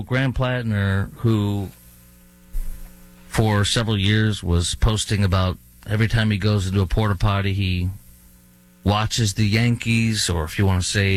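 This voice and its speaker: A man's voice: lowish voice, rough recording. A man filling in as host of a talk radio show, delivering an indignant, sarcastic political monologue from a studio.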